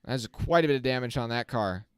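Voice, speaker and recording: A man giving casual live-stream race commentary as the channel host, chatting with his viewers and getting excited on the restarts. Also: medium pitch, a little fast, clean tone, no room sound. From not from the South. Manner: self-correcting, talks to the chat.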